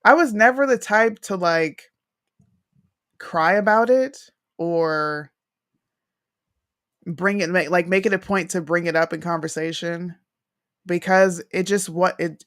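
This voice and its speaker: Frank young woman chatting candidly. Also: on the low side. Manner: frank, animated storytelling, quick asides. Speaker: podcast co-host. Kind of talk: candid casual chat.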